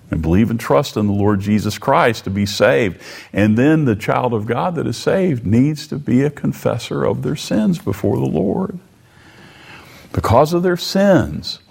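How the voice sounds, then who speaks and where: Slow-talking guy preaching, kinda low voice, repeats himself while going over verses. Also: creaky, a little mellow, husky. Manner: slow and deliberate, reading scripture aloud with commentary; repeats phrases and restarts. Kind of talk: sermon.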